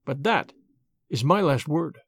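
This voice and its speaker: A man's voice: on the high side, animated, a little slow, gravelly, slightly rough, no echo, studio quality, exaggerated voice. A man voicing a proud, haughty young noblewoman. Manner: haughty, flippant, indignant.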